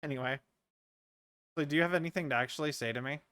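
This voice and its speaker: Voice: mid-range voice, fast talker, a bit bright, no echo, studio quality. A streamer chatting casually and rambling while playing a game at a home setup. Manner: rambling, joking aside-talk. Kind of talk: casual gameplay chat.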